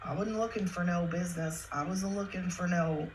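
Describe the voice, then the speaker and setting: A woman's voice: fairly low pitch, moderate pace, a little hiss or hum, poor audio. A woman who is a single mother telling her personal story with earnest emotion, chatty and at times close to tears. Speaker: guest sharing her story.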